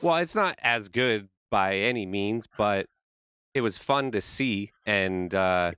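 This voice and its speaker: A man's voice: lowish voice, expressive, slow, fairly bright tone, clear, resonant tone, no echo, clean studio sound. A man co-hosting a podcast, easygoing and enthusiastic in casual chat. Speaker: podcast co-host.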